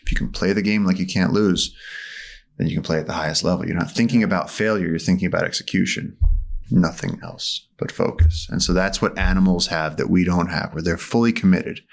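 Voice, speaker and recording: Lively, low-voiced male storyteller. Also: creaky. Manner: vivid, animated storyteller. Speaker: podcast guest. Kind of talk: conversational storytelling.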